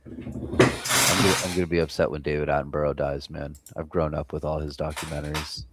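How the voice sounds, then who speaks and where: A man's voice: extremely low pitch, flat delivery, a little fast, very noisy. An American man hosting a live trading stream, chatting casually and swearing freely while reading the chat. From United States. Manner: loose, profane, chatting with viewers.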